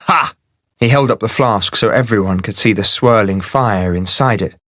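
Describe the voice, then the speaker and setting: A male audiobook narrator reading a fantasy novel in a measured, even way. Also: on the low side, no echo, clean studio sound. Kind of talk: scripted narration.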